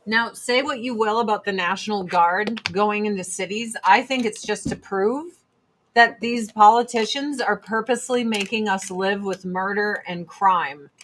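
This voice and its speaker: A woman's voice: medium pitch, measured pace, fairly bright tone, a little hiss or hum. A woman hosting a casual monologue chat, blunt and emphatic, repeating her points for force. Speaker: host.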